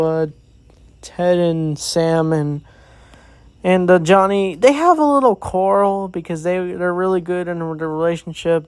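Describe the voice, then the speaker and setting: A man's voice: fairly high pitch, smooth, no room sound. A man giving a casual, rambling movie review, recapping the plot with many fillers and quoted lines.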